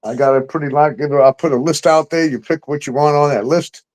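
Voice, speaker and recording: A man's voice: fairly high pitch, fairly even intonation, fast talker, darkish tone, low-quality recording. A man hosting a casual talk show, ranting heatedly and swearing a lot. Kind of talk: casual profane chat.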